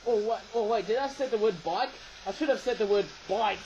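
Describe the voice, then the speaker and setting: Very high-voiced rambling man. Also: moderate pace, few pauses, a little mellow, dull audio. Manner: rambling, chatty, tags lines with "eh?"; raising his voice over train noise. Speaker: toy reviewer. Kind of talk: casual rambling toy review. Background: toy train running.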